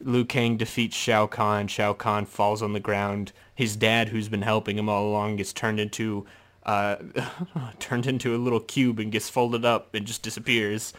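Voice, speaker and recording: Speaking at normal speed in a lowish voice, a podcast host reviews a movie in a casual solo chat. He's animated, laughs often, and slips into mock voices.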